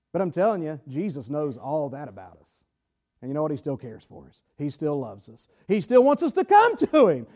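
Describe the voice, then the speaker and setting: A man preaches a sermon in church. His voice sits very high for a man. He drawls and stretches his words, then fires questions out at the congregation. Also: mellow. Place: church sanctuary.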